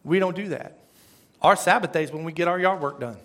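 A man's voice: a little high, a little fast, a bit bright. A man preaching a conversational sermon, often asking the congregation questions. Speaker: pastor.

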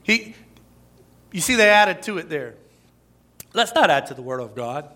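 A man preaching a sermon in a lively, conversational way, with asides, chuckles and emphatic peaks. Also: on the high side, unhurried. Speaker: pastor.

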